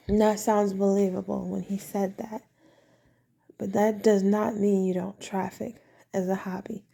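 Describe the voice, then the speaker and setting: A woman vlogger tells a personal story from her bedroom at home, her mid-range voice creaky with a dark tone. She rambles and meanders casually, trailing off and restarting often.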